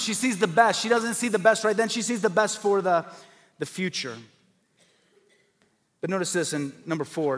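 Male pastor, high tenor, emphatic conversational preacher, church hall reverb. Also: fairly bright tone. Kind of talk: sermon.

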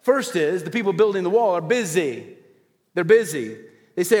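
A high-voiced man preaches in an animated, rising-and-falling delivery, throwing rhetorical questions out to his congregation. His voice rings with a long hall reverb around him. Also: moderate pace. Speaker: pastor. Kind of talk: sermon. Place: church hall before a congregation.

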